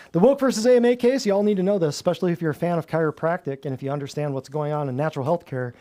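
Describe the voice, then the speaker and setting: Man, high voice, mellow tone, energetic, wry class presenter. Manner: energetic, wry, laughs at the lies he lists. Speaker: chiropractor host of a natural health class.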